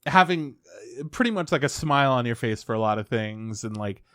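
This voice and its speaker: A man co-hosting a podcast, talking into a close mic with a dry, dead sound. He critiques in a rambling, thoughtful way, full of fillers and light laughs. His pitch sits in an ordinary middle register. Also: expressive, brisk, fairly bright tone, smooth, no room sound. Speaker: podcast co-host. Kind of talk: casual chat reviewing an anime.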